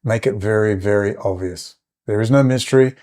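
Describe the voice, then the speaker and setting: A man's voice: on the low side, normal speed, a little mellow. A middle-aged man, delivering a profane, heated, sarcastic political rant. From Australia. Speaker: political commentator. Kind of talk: ranting monologue.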